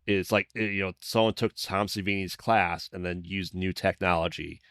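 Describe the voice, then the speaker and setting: A man's voice: sits low, steady tone, normal speed, fairly bright tone, clean tone, dry recording, clean studio sound. A man hosting a podcast, chatting casually and easygoing, with frequent restarts and agreeing remarks. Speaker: podcast host. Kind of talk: casual conversation.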